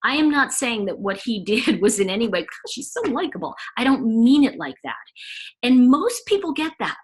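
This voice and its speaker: A woman's voice: on the high side, big pitch swings, moderate pace, breathy edge, low-quality recording. A woman talking through a case in a rambling, self-interrupting casual monologue as a commentator. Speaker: true crime commentator.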